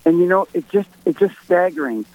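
A man's voice: sits high, animated, fairly quick, dry recording. A male musician, a guest in a phone interview, telling stories with emphatic repetition. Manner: emphatic, repeats for stress. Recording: tinny dry phone line.

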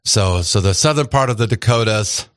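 Male radio host, low voice, dry close studio sound, chatty and rambling. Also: lively intonation, normal speed, fairly bright tone, dry recording. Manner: chatty, rambling with fillers and restarts. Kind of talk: casual radio chat.

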